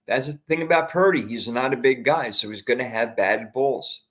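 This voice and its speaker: Excited man calling a football game. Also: medium pitch, normal speed, hardly any pauses. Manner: excited, fan-partisan calling with casual asides. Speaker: podcast host doing play-by-play. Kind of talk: amateur play-by-play commentary.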